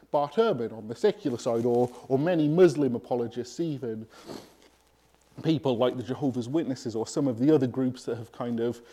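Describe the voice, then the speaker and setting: Male preacher, mellow warm voice, emphatic, slow deliberate phrasing. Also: medium pitch, slightly rough. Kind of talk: sermon.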